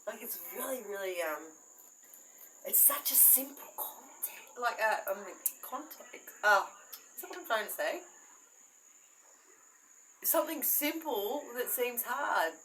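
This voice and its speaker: A woman's voice: a little high, expressive, measured pace, long pauses, fairly bright tone, slight background noise, poor audio. A woman with an Australian accent giving a casual tarot reading, rambling and correcting herself and swearing now and then. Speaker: tarot reader. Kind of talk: casual spiritual chat.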